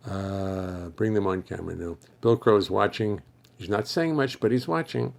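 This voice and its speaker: A hoarse man hosting a casual livestream for fans, chatting loosely, thinking aloud and greeting viewers by name. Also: on the low side, normal speed. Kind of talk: rambling casual livestream chat.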